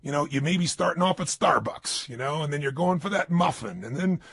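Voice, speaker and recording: A man's voice: on the high side, animated, brisk, creaky, a bit bright, husky, no room sound, clean studio sound. A man giving a motivational talk. He speaks emphatically, asks rhetorical questions and acts out people's inner voices.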